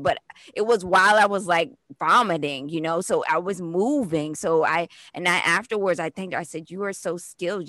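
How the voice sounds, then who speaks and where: A woman's voice: on the low side, no echo. A woman, a mother of two, telling her birth stories in casual chat and acting out what others said. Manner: animated storyteller, acts out quoted voices.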